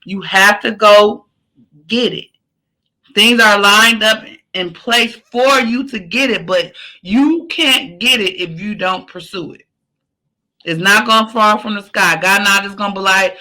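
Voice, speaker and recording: A podcast host signs off with a motivational pep talk, her medium-pitched voice bright and forceful and her delivery unhurried, on poor audio. She's emphatic and repetitive, preaching encouragement in a casual, slangy and sometimes profane way.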